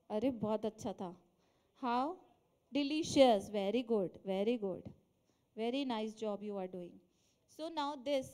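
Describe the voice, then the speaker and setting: A woman's voice: high voice, warm tone. A woman teacher with an Indian accent, quizzing a classroom in English mixed with Hindi and encouraging her students.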